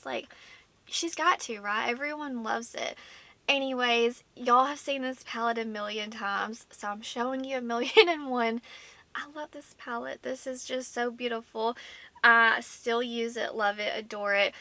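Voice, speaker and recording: A woman's voice: fairly high pitch, unhurried, bright, forceful tone, no room sound. A woman chatting casually as a beauty vlogger, slightly out of breath and filling her talk with "like". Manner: chatty, fills with "like".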